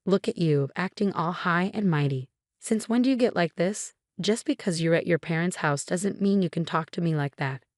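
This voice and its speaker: A woman's voice: lowish voice, normal speed, a little mellow, no room sound, clean studio sound, close to an everyday voice. A woman reading as a ranting, scornful husband. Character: angry condescending young husband, male.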